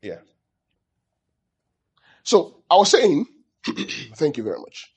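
Husky male pastor teaching with questions. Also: fairly high pitch, huge pitch swings, slow. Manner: calls out questions to the audience. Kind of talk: teaching sermon to a congregation.

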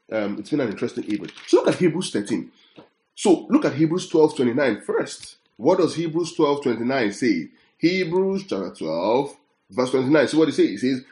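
A man preaching a sermon, reading scripture slowly and checking in with his listeners through rhetorical questions. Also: medium pitch, dark tone, reverberant. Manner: reads scripture aloud slowly.

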